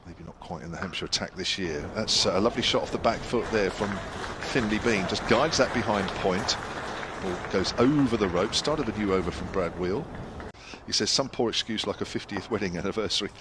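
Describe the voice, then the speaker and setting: A man commentating ball by ball on a cricket match, excitable, his voice leaping up when wickets fall. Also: on the low side, a little fast. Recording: loud crowd and outdoor noise behind.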